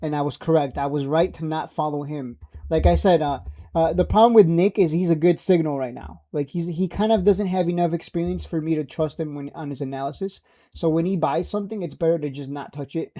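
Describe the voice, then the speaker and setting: A man's voice: a little high, a little fast, warm tone. A man streaming casual stock market commentary, brash and joking, often laughing at his own jabs.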